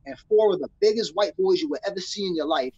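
As an interview guest, a young adult man from New York City talks fast through a casual story, doing the people he quotes in street slang. His husky, breathy voice sits high with a darkish tone, recorded close and dry, dull and slightly lo-fi, with no echo.

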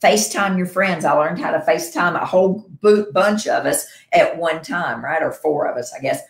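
A woman's voice: lowish voice, moderate pace, gravelly. A middle-aged woman hosting a wellness show, coaching her viewers in a casual, upbeat way and often checking in with "right?". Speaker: wellness show host and health provider. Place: her home. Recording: echoey room.

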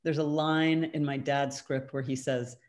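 A woman's voice: extremely low pitch, fairly even intonation, a little slow, darkish tone. A woman, a guest artist, answers audience questions in a thoughtful, conversational way over a video call. She hedges with "um" and "kind of" and laughs lightly.

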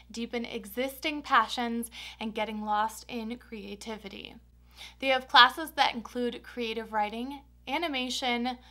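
A woman's voice: on the high side, pushed and bright. A young woman vlogger gushing with enthusiasm as she narrates a home decor shopping haul in a voiceover. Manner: enthusiastic, gushing over finds.

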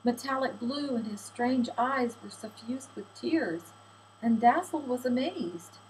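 A woman narrates a novel aloud in a measured, expressive reading voice. Her pitch sits a little high, and a faint hum runs under the home recording. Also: rough recording. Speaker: audiobook reader. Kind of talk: audiobook narration.

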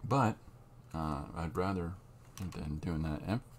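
A man talking through a drawing tutorial as he works, unhurried and halting, thinking aloud. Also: sits low, slight background noise. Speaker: comic artist drawing on camera.

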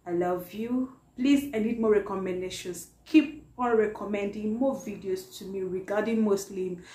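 A woman's voice: medium pitch, fairly even intonation, dark tone. Tearful woman in an echoey room. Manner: apologetic, halting, heavy use of "like". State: tearful after crying. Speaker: reaction video host. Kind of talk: emotional reaction vlog. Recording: echoey room with faint noise.

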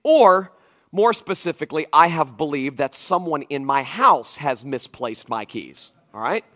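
Animated pastor, man with a higher voice. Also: unhurried. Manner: animated storytelling, emphatic asides. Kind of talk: conference sermon. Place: church auditorium.

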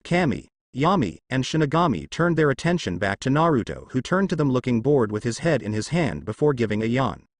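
A man's voice: a little fast, few pauses, dry recording, clean studio sound. A man narrating a fan fiction story, reading every character's lines in his own voice. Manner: reads all figures in his own voice, lively pitch.

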